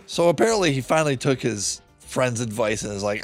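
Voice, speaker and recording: A man's voice: medium pitch, lively intonation, a little fast, hardly any pauses, soft background music. A man hosting a true-crime podcast, sarcastic and swearing freely as he reads out chat logs and comments on them. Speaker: podcast host.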